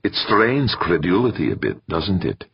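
A man voicing a stern older male professor who chairs a meeting, speaking formally and with measured, pointed questions. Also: deep voice, very animated, creaky, slightly rough, no echo, highs cut off, pitched above the performer's own voice, full character voice.

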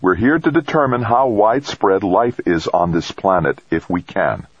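A firm, tense expedition leader, voiced by a male narrator. He speaks with tight control through a low, husky voice. The recording is dry and a little dull. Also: lively intonation, normal speed, no room sound.

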